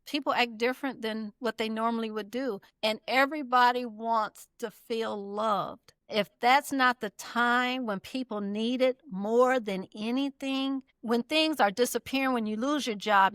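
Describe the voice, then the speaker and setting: A woman's voice: on the high side, moderate pace, few pauses, a bit bright, clean tone, no room sound, clean studio sound. A middle-aged woman talking earnestly as a guest, stressing her points and repeating them. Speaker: guest, community builder. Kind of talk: casual conversation.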